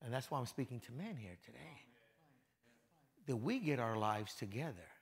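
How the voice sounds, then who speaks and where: A man preaching a conversational sermon as pastor in a church hall, acting out quotes and swinging from quiet asides to loud declarations. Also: medium pitch, expressive, normal speed.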